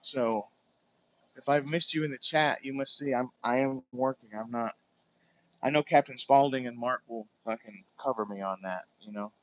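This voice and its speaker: A man's voice: medium pitch, normal speed, highs cut off. A man from Alaska hosting a casual livestream while whittling, telling stories in a rambling, profane way. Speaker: livestream host. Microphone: phone set far from him.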